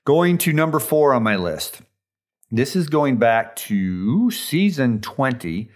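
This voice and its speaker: A man's voice: medium pitch, big pitch swings, takes it slowly. A man hosting a podcast, giving a casual, enthusiastic fan recap with chatty fillers. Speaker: podcast host recapping a dance show.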